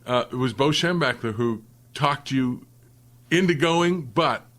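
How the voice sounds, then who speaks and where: A man's voice: mid-range voice, measured pace, a bit bright. Man hosting an interview. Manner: leading questions that sum up the guest's story. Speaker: interview host. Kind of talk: interview questions.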